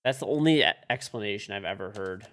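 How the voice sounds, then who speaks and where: Man, game streamer, casual profane banter, expressive up-and-down voice. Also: lowish voice, fast. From Michigan, US. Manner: casual, profane, reacting to gameplay and chat. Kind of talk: live gameplay stream chat.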